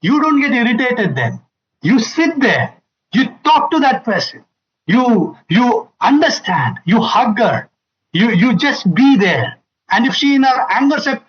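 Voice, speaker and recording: A man's voice: very high-pitched, big pitch swings, unhurried, dull audio. A man giving an emphatic public talk to an audience, repeating key phrases and acting out quoted lines. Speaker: family seminar speaker.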